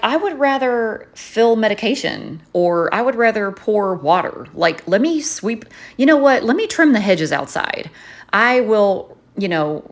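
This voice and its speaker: A woman, a journaling vlogger chatting in a casual, animated, expressive way as she tells a story. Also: medium pitch.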